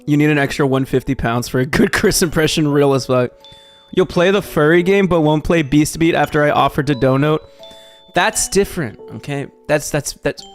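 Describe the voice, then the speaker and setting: A young man from Texas streaming live, chatting loosely and reading viewer messages, rambling with lots of fillers and restarts. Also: fairly high pitch.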